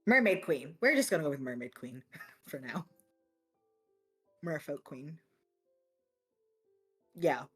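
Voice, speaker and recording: A woman's voice: low voice, sing-song, takes it slowly, long pauses, breathy edge, faint music behind. A woman playing a tabletop game on a stream, chatting casually and laughing easily. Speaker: player.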